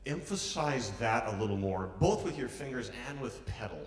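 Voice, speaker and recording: A man's voice: medium pitch, sing-song, normal speed. Encouraging male piano teacher in a hall. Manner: encouraging, hums and counts phrases aloud. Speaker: piano master class teacher. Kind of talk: coaching a pianist through a piece. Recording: echoey hall from far off, piano playing.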